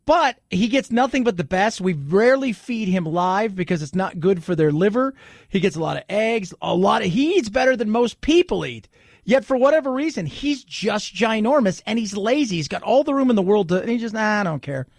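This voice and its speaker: A middle-aged man hosts a talk radio show, talking bluntly and cracking jokes as he goes. His voice sits high for a man. The studio sound is close and dry. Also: expressive, fairly quick, no room sound. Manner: blunt and jokey, slips into mocking voices.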